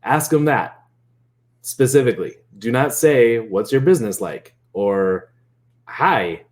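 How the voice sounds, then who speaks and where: Animated man explaining marketing. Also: mid-range voice, unhurried. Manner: animated, laughs often, acts out quoted chats. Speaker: marketing coach. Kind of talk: casual explainer.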